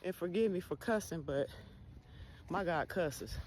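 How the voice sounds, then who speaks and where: A woman's voice: on the low side, measured pace, a little mellow. Woman, candid monologue, blunt, heavy cursing, talks of faith, noisy recording. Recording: noisy background hiss.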